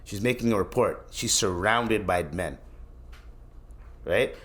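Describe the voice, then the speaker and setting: A man's voice: fairly low pitch, takes it slowly, a bit bright. A young man from Canada hosting his own podcast, ranting bluntly and profanely in casual solo commentary, often restarting his sentences. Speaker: podcast host.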